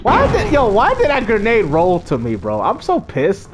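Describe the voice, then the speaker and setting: Casual streamer man, high and swoopy, slangy storyteller who acts out every quote, faint background noise. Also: normal speed, soft background music. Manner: animated, slangy, acts out quotes with big pitch jumps. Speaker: gaming streamer.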